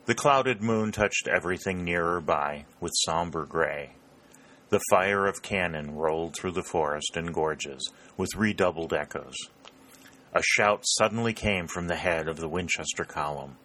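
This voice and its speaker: A man reading an audiobook aloud with steady, clear storytelling. His voice is very low and deep, with a bright, forceful ring to it. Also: unhurried. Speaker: audiobook narrator. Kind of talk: scripted narration.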